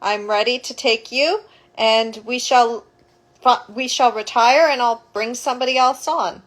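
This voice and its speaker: A woman playing a devoted young hero; earnest declarations in a higher-set voice. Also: unhurried.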